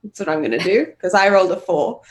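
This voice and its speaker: A woman's voice: lowish voice, animated, fast. A woman playing a tabletop role-playing game, dry and joking. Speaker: player.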